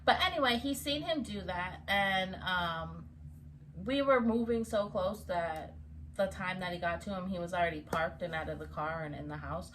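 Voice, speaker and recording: A woman co-hosting a casual storytime chat, animated, laughing often and restarting her sentences. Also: lowish voice, normal speed, a little hiss or hum, poor audio. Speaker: co-host telling a story.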